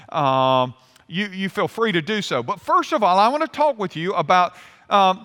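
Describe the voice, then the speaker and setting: Animated high-voiced male pastor preaching. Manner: animated, acts out voices of complaining people. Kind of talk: sermon. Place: church sanctuary. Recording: hall reverb.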